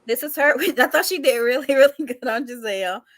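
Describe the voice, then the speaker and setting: A woman's voice: high voice, lively intonation, fairly quick, a bit bright, no echo. A woman hosting a reality TV recap show, chatting casually, jumping between topics and laughing often. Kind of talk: casual chat.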